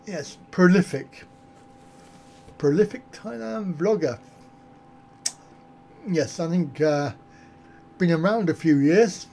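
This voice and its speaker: A man's voice: fairly high pitch, takes it slowly, pauses often, mellow, slight background noise. A man on a casual live stream, answering viewer comments in a rambling, self-mocking way. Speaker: travel vlogger answering live chat.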